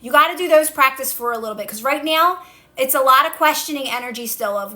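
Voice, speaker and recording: A woman on a phone livestream, coaching viewers in a casual way, repeating calm instructions and answering their comments. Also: high-pitched, fast. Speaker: manifestation coach. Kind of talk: casual TikTok live talk.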